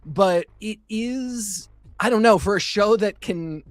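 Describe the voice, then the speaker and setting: This podcast co-host is a man with a high voice who speaks slowly on a dry recording. He chats at length in a casual, rambling way, loading his talk with fillers and side remarks.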